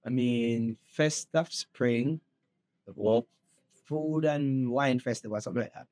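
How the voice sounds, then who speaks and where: A man's voice: medium pitch, takes it slowly, darkish tone. A man from Jamaica with a Jamaican accent, a reggae musician chatting casually as an interview guest, laid-back and often saying "you know what I mean".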